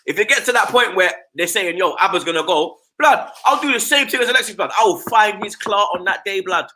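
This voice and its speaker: A man holds forth on football in casual live-stream chat, his voice jumping up and down with lively swings. His tone is bright and punchy, and he throws in street slang and tag questions constantly. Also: high voice, a little fast, a little hiss or hum. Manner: animated, slangy, repeats tags like "blood" and "you get me". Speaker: football fan pundit.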